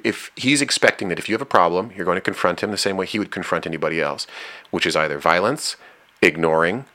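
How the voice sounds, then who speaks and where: A man's voice: sits low, pushed and bright. A man hosting a relationship advice talk, speaking frankly and directly in a casual way.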